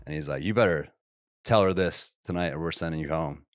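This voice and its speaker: A man's voice: a bass voice, a little fast, dry recording, studio quality. A man hosting a podcast, telling a story with laughs and dropping to a whisper for asides. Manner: laughing anecdotes, drops to a whisper for quoted asides. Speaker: podcast host. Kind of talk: casual storytelling chat.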